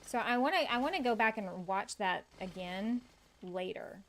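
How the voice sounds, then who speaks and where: A woman's voice: medium pitch, moderate pace, a little hiss or hum. A woman streaming a cozy game, chatting casually with her viewers and laughing often. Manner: chatty, laughs often, reads and answers chat. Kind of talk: casual gaming stream chat.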